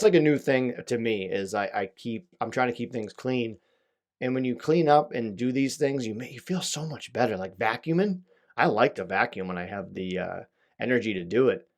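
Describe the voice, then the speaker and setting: Young male podcast host, solo casual chat, rambling and self-mocking, mid-pitched voice. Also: a little mellow. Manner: rambling, self-deprecating, chatty asides.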